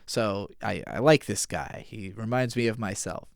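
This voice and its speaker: Male podcast host with a smooth, resonant voice; relaxed, chatty recapper who swears now and then. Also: on the low side, dry recording, studio quality. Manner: casual, profane, retells scenes with quick paraphrased dialogue. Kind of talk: casual episode recap and analysis.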